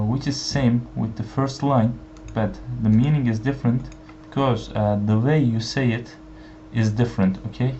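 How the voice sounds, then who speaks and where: A man whose first language is Turkish gives an online language lesson, speaking slowly with many fillers and repeating each example phrase. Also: medium pitch, dark tone. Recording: dull lo-fi sound with faint background hiss.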